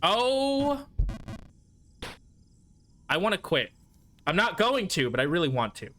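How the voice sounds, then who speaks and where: A man with a bright, forceful voice talks to his stream while he plays, his pitch jumping up and down a lot. He mutters and coaxes himself along through his frustration. Faint crickets and room hum sit behind him. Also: sing-song, takes it slowly. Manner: frustrated, self-soothing muttering between bursts. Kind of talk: casual gaming stream commentary.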